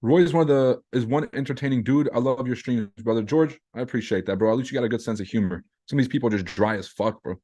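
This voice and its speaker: Dude running a live trading stream, cussing and joking, reading the chat, mid-pitched normal guy voice. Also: fast, few pauses, dark tone. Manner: brash, profane, joking; reacts to chat messages. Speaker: trading livestream host. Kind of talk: casual livestream chat.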